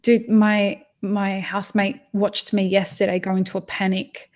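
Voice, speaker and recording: A woman's voice: medium pitch, flat delivery, normal speed. Brief: woman, mid-range voice, heated podcast chat full of restarts and cursing. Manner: impassioned, frequent restarts and swearing. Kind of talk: casual podcast conversation.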